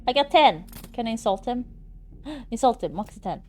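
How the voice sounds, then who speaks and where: Speaking at a moderate pace in a voice on the higher side, a young woman chats casually with viewers during a game stream. She's animated, curses freely, and talks right to her chat.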